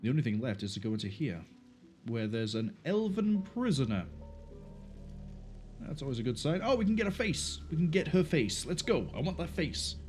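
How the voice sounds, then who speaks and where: A male streamer giving casual commentary over his gameplay. He tosses in playful, joking asides in a relaxed, everyday voice. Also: medium pitch, moderate pace, soft background music.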